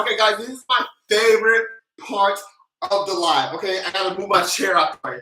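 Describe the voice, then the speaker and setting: A live-stream host who answers viewer questions in a loose, casual way and whips up the chat with loud chants. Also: medium pitch, normal speed. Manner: hyped-up, cheerleading the chat; casual, loose, with many fillers and restarts. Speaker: tax livestream host. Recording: roomy echo.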